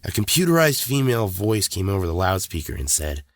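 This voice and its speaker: Man, horror narration, very low voice, dry close sound, calm and steady. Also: fairly quick, no echo.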